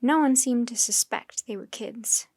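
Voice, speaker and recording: A woman's voice: on the high side, measured pace, no room sound, clean studio sound. Woman reading a children's chapter book. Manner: steady, clear narration. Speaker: storyteller.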